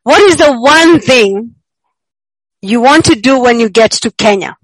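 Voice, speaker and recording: A woman's voice: a little high, expressive, a little slow, no echo, poor audio. A woman hosting a podcast interview, asking questions and encouraging her guest with frequent murmurs of agreement. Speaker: podcast host.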